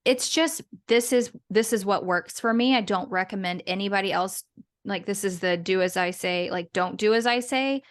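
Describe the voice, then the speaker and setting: A woman's voice: mid-range voice, normal speed. A woman guest in a casual interview, talking in a chatty, rambling way with frequent restarts and small laughs. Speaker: guest, business owner and podcaster.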